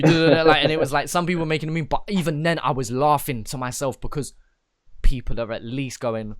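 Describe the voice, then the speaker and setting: A man's voice: medium pitch, steady tone, a little fast, no room sound. Guy hosting a podcast, dry close sound, laid back chat. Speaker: podcast host.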